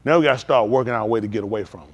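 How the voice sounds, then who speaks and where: A man preaching a live-streamed sermon in loose, slangy street talk, animated and emphatic. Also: on the low side, very fast.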